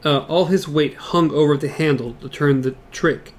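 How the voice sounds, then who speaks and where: A man co-hosting a casual book discussion podcast, reading passages aloud haltingly with stumbles and side comments. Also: fairly high pitch. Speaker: podcast co-host.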